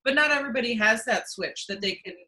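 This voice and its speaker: A woman's voice: on the high side, fast, sharp tone, poor audio. A woman working as a casting director, answering interview questions in a chatty way with many restarts and fillers. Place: at home.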